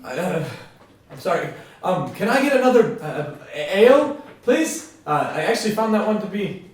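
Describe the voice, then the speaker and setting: A man's voice: high-pitched, very animated, moderate pace. A man voicing a timid, overly polite young human in a wheelchair, who stammers and apologizes constantly. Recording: echoey room, voice far from the mic.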